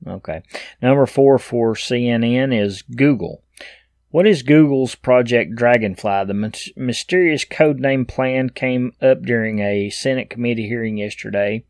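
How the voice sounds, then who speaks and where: A man's voice: mid-range voice, measured pace, darkish tone, no echo, studio quality. A man in middle age giving casual commentary on news headlines, reading each item aloud and then adding blunt, opinionated asides.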